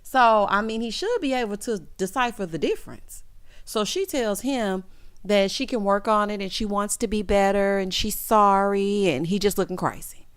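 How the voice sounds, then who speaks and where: A young adult woman recaps reality TV with blunt, sassy commentary. She talks straight at the people on screen in a mid-pitched, everyday voice. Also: moderate pace, clean tone.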